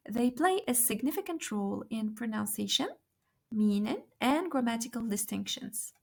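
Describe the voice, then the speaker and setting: A woman teaching a language lesson, playful and repeating words slowly for learners. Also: on the high side, animated, gravelly. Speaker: French teacher.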